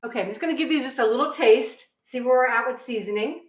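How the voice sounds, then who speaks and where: A woman's voice: on the high side, quick pace, roomy sound, a little hiss or hum, poor audio. A middle-aged woman from New England hosting a casual cooking demonstration, chatty and upbeat, often checking in with "right?". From New England, USA. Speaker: cooking show host. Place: home kitchen.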